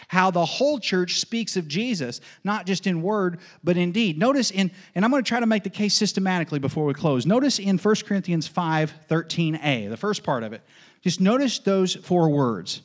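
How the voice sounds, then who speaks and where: A man delivering a sermon from the pulpit, his voice sitting a little higher than most men's. He preaches emphatically, mixing folksy asides with pointed questions. He drills the congregation by repeating a question and its answer. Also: lively intonation, moderate pace. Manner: folksy asides with light laughs. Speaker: pastor.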